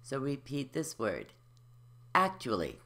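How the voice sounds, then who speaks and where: A speech teacher explaining dropped syllables and modeling words and sentences slowly for the listener to repeat. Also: mid-range voice, lively intonation. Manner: slow, careful, explanatory, models each word. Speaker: elocution teacher. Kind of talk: slow instructional speech drill.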